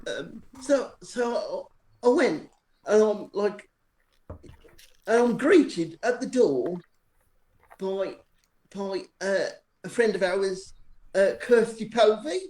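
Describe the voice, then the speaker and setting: A man's voice: sits high, lively intonation, slow, pauses often, darkish tone. Rambling self-mocking male storyteller. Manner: rambling, self-deprecating, with many restarts. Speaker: storyteller on a live stream show. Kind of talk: casual anecdotal storytelling. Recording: echoey room with faint noise.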